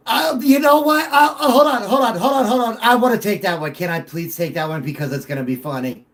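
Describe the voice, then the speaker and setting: A middle-aged man hosting a casual sports talk show, animated and joking as he banters with callers. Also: high-pitched, a little fast.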